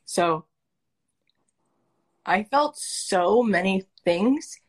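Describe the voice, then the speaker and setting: Her voice sits at medium pitch, and she draws out her words. Hosting a heartfelt coaching conversation as a life coach, she speaks earnestly and with emotion, bringing her stories to life with animation.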